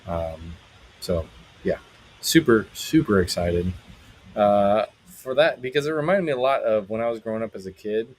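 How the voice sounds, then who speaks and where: A married man hosting a live stream as a musician, chatting casually with viewers in a rambling, halting way, full of fillers, brightening when he greets people. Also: lowish voice, poor audio. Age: adult, married.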